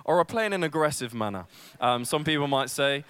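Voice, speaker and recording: Brief: young male preacher, slightly high voice, casual sermon full of ums and asides, close and dry. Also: lively intonation, fairly quick, a bit bright, smooth, dry recording. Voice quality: casual, self-deprecating, filler-heavy delivery. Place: church service.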